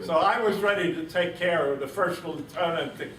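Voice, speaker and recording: An elderly man in his eighties recounts a war story for a gathered audience, wry and chuckling as he goes. His voice sits a little high for a man and rings through a roomy space, caught by a distant mic with a faint hiss underneath. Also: moderate pace. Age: 80s. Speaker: veteran speaker. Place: reunion event room.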